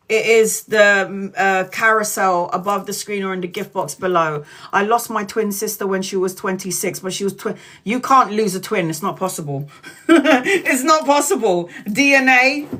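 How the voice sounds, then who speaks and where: A woman's voice: medium pitch, a bit bright. A woman hosting a live tarot reading, talking candidly, swearing freely and repeating her points with emphasis. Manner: earnest and emphatic, repeats lines. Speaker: tarot reader.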